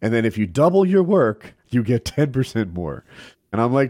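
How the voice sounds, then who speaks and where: A man's voice: mid-range voice, big pitch swings, moderate pace, dark tone, no echo, studio quality. A young man streamer chatting casually with friends, rambling and laughing often. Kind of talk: casual chat.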